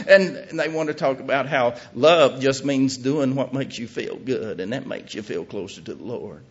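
A middle-aged man preaching a sermon in a folksy, emphatic way, with his voice rising to loud peaks. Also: mid-range voice, animated, normal speed, hardly any pauses. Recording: muffled lo-fi recording.

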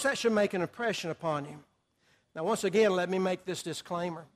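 A man's voice: sits high, a bit bright. A middle-aged man preaching a sermon, earnest and emphatic, rising in volume on key phrases.

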